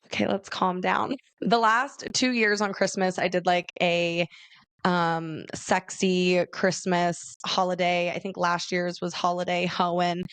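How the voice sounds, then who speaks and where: Gravelly, bubbly young woman podcast host. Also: fairly low pitch, flat delivery, fairly bright tone, no room sound. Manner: bubbly, chatty and profane, rushing her words. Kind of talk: casual solo podcast chat. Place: her own bedroom. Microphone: handheld microphone.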